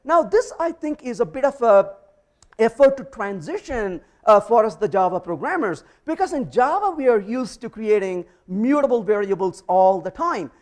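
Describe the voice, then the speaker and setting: Casting: male tech speaker, very lively pitch, emphatic and playful, live coding demo. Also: normal speed. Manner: energetic, emphatic, playful asides. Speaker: conference speaker teaching programming. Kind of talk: live technical presentation with code demo.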